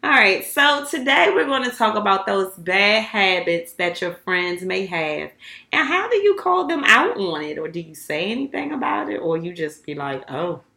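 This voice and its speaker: Lively laughing woman co-host. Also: mid-range voice, moderate pace, vocal fry. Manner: animated storytelling with laughter. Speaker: podcast co-host. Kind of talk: casual chat. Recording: roomy and noisy.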